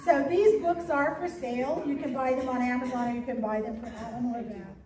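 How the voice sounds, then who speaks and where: A woman pastor reading a story aloud to her congregation in a gentle, expressive storybook manner. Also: high-pitched, a little fast, crowd noise. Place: church sanctuary. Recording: echoey church from a distance.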